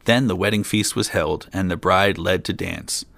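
This man's low, gravelly voice has a fairly bright tone as he reads an old fairy tale at normal speed. He reads it straight, tossing in dry asides of his own, with no room sound.

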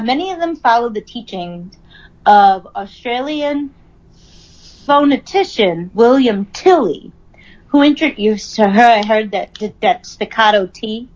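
A woman's voice: a little high, muffled recording. A woman co-hosting a casual chat, reading from notes, laughing often and stumbling over words. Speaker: podcast co-host.

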